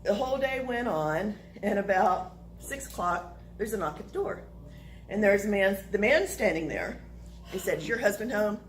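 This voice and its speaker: A woman telling a personal story to listeners, animated and laughing through the funny parts. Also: mid-range voice, moderate pace, faint music behind, poor audio.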